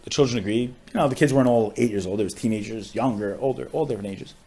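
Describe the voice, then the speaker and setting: A man, a rabbi on a podcast, tells a story with strong feeling, often saying "like" and dropping to a hushed voice at sad moments. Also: medium pitch, very fast, breathy edge. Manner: emotional storyteller with frequent "like" fillers.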